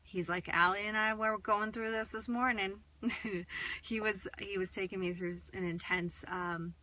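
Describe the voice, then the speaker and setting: Woman, channeling live stream, slightly hoarse, tired, chatty with fillers and soft laughs, bright voice, inside a car. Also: medium pitch, steady tone, unhurried. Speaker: spiritual channeler.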